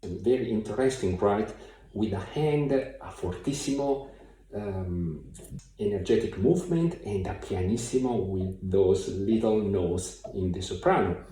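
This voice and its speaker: A man's voice: fairly low pitch, lively intonation, measured pace, warm tone, slight background noise. Man teaching piano in an echoey room. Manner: thoughtful, hesitant, many fillers. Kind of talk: piano tutorial. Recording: very echoey room, mic far off. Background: piano playing.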